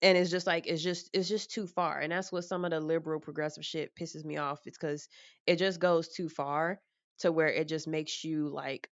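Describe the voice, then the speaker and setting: A woman's voice: deep voice, steady tone, moderate pace, no echo, highs cut off. A young woman talking casually and frankly to camera, rambling through her thoughts with a bit of swearing. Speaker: vlogger. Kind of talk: casual personal talk.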